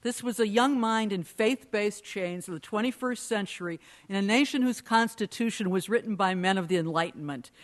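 Woman giving a pointed debate speech. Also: medium pitch. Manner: measured, pointed argumentative delivery. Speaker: debate speaker.

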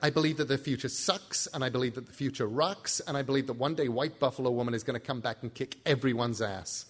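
A man reading aloud as a nervous, talkative young woman with a sharp tongue, rambling and emphatic. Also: mid-range voice, quick pace, husky, close to an everyday voice. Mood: defiant. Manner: rambling and emphatic, swearing when scared.

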